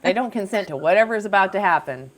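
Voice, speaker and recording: A woman's voice: medium pitch, animated, fast talker. A woman hosting a live debate stream, challenging callers in a scolding, confrontational way. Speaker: livestream host debating callers.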